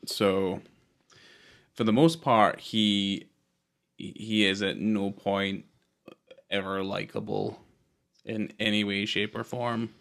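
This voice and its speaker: A man with a low, gravelly voice, talking casually on a podcast about a film he didn't enjoy. He rambles, restarts his sentences and swears freely as he goes. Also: steady tone, takes it slowly, long pauses, fairly bright tone. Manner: rambling, self-interrupting, sweary. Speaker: podcast co-host. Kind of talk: casual film review chat.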